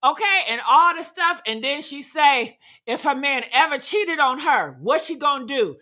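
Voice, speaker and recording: A woman commenting live, blunt and profane, answering viewers loudly and emphatically. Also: high-pitched, animated, normal speed.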